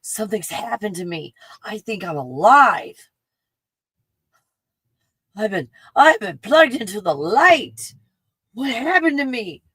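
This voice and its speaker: Excitable rambling woman livestreamer. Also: mid-range voice, takes it slowly, long pauses, slightly rough, dry recording, low-quality recording. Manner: excitable, rambling, swinging between hushed and loud. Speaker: livestream host. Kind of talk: casual solo livestream chat.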